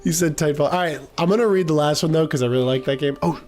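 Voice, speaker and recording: A man's voice: a little high, darkish tone, soft background music. A man streaming a game, chatting casually and rambling off mid-sentence as he reads his chat. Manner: rambling, distracted, quick to trail off.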